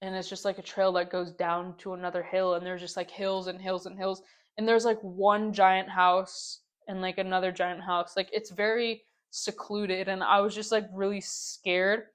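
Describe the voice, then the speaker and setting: Hosting her own podcast, a young woman speaks at normal speed with a flat delivery and a clear, resonant mid-range voice. She vents through a casual story-time ramble, exasperated and ranting, filled with "like" and repeated gripes.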